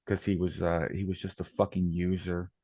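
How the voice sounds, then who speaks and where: A man's voice: low voice, little pitch movement, normal speed, mellow, no echo. A man calling in to a talk show, telling long rambling stories and swearing constantly. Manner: profane, rambling storytelling. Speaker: caller. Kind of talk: casual call-in chat.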